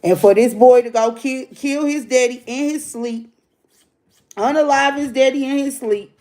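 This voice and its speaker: A woman's voice: high voice, moderate pace, dark tone. A middle-aged woman, ranting bluntly to her livestream viewers like a preacher. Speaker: livestream host. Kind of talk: casual livestream rant.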